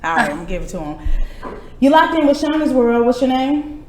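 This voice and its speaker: Brief: female live-show host, fairly high voice, easygoing, laughs a lot, slangy. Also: very animated, fairly quick, a little mellow, a little hiss or hum. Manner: chatty, laughs often, slangy. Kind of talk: casual chat.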